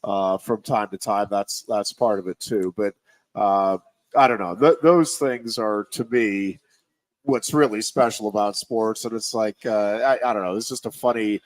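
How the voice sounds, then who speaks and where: A man in his thirties, a radio host and high school sports announcer, telling a story in a rambling, reflective way with many restarts. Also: fairly even intonation, unhurried, dry recording. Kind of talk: casual radio sports chat.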